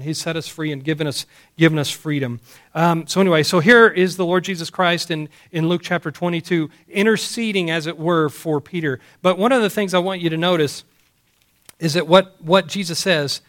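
A man's voice: a little high, a bit bright. A man preaching a sermon in an emphatic way, repeating key phrases and asking the congregation rhetorical questions. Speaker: pastor. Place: church service.

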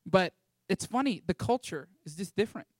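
A young Texan ministry school student shares his testimony with an audience, telling it in an animated, playful way and slipping into the voices of the people he describes. His voice is slightly high for a man and fairly quick. The sound is dry and close, with little room reflection and no echo.

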